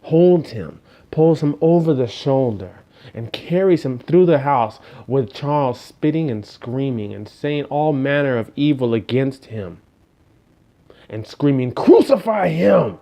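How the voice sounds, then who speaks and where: A male preacher tells a parable as a sermon in a mid-range voice. He is dramatic, stretching words slowly and falling to a near hush to drive points home. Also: medium pitch. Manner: dramatic, slows and drops to a hush for emphasis. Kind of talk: storytelling sermon.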